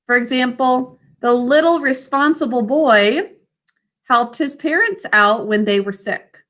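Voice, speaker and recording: A woman teacher leads a spelling and grammar lesson over a video call. Her voice sits high and bright. She speaks slowly and clearly, sounding out words and encouraging the class.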